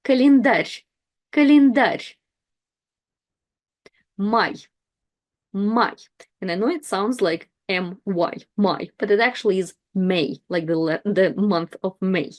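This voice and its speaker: A woman teaching pronunciation, saying each word twice slowly and clearly before explaining it in plain words. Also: fairly low pitch. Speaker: language teacher. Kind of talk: slow pronunciation lesson.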